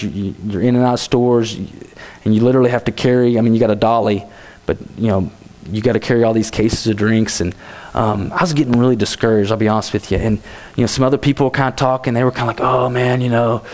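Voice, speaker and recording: A man's voice: medium pitch, darkish tone. A man giving a youth sermon in a church, speaking casually with many "you know"s and restarts.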